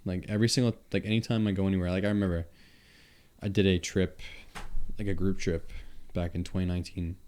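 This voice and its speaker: A young man with a Long Island accent, a podcast guest telling stories in an animated, profane, casual way. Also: low-pitched, fast talker, pauses often. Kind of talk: casual chat.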